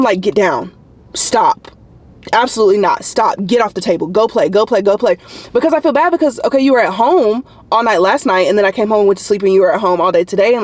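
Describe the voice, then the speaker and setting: A woman's voice: mid-range voice, a little mellow. A young adult woman, a nursing student, chatting casually to camera in a vlog and telling stories with lots of "like" fillers. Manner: chatty storyteller, frequent "like" fillers.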